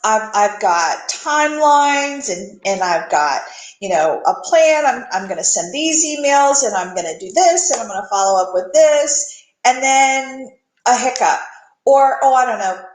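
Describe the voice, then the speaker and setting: Woman host, high voice, chatty and self-mocking, echoey room. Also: expressive, a little slow. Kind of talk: casual faith chat on a webcast.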